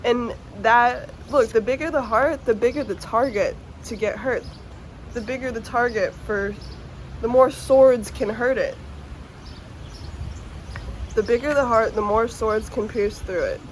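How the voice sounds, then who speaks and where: A woman's voice: fairly high pitch, measured pace, pauses often, a little hiss or hum. A woman giving a casual, emotional tarot reading to her viewers, earnest and swearing now and then, at times close to tears. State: tearful at times. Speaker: tarot reader.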